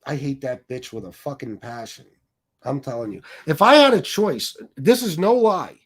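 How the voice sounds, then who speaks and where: A man's voice: medium pitch, animated, moderate pace, husky. Combative, foul-mouthed male streamer. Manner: combative, taunting, swears heavily. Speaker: livestream host. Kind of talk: profane livestream rant.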